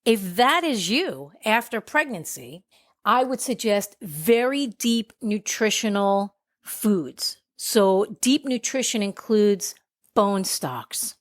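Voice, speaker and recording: Sixties woman nutrition expert; frank explainer, mid pitch, dry recording. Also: very animated, slow pace, no room sound. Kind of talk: explanatory talk.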